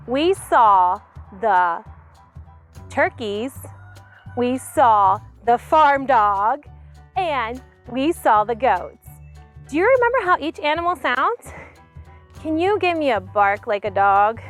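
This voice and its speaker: A woman hosting a farm tour for children, talking in an animated way straight to young viewers, outdoors on a farm. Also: high-pitched. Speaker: host showing a farm to children. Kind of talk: children's educational talk.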